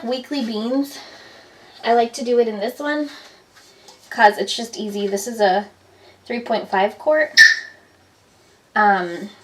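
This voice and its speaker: A woman's voice: fairly high pitch, low-quality recording. Chatty woman rambling in her kitchen. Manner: chatty, rambling, heavy use of "like" and "um". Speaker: home cooking vlogger. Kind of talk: casual vlog chat. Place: home kitchen.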